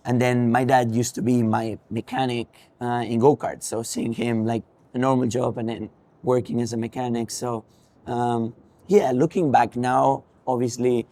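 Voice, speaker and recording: A man's voice: mid-range voice, steady tone, normal speed, warm tone. A young man with a Spanish accent, a racing driver, answering interview questions thoughtfully with frequent ums and restarts.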